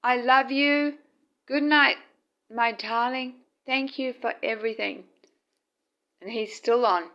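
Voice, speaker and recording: Woman filming at home at night, high soft voice, slow and tender, muffled phone sound. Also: steady tone. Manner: soft, tender, talks to her late husband. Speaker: vlogger. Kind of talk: casual home video narration. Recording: dull lo-fi phone recording.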